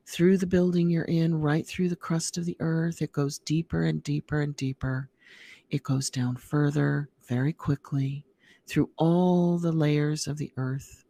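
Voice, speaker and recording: A woman hosting an online show, guiding a slow, soothing meditation with a slight frog in her throat. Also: sits low, creaky, dark tone, slightly rough, no echo. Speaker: host. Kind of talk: guided meditation and casual chat.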